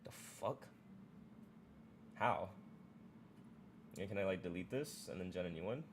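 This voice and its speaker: A man streaming live, chatting casually and excitedly, often repeating and restarting his words. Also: deep voice, measured pace, background noise.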